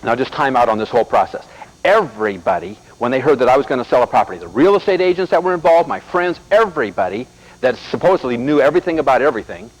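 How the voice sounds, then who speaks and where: A middle-aged American man delivers a motivational seminar at a brisk, rapid clip. His voice sits at an ordinary middle pitch, and he tells animated stories while calling out directly to the crowd in front of him. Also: poor audio. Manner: animated storyteller addressing the audience directly. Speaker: seminar speaker.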